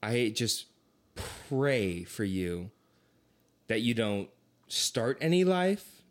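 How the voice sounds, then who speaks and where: A young man telling a long story in casual chat, acting out voices as he goes. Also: drawn-out words. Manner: animated, acts out quoted voices with big pitch swings.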